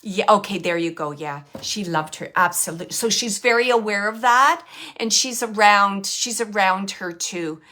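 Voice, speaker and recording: A woman medium giving a gentle live reading, passing on messages from a spirit in the first person. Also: mid-range voice, normal speed.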